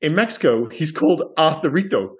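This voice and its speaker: Podcast co-host, male, slightly high pitch, animated and halting. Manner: animated, hesitant, acts out quotes. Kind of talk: casual chat.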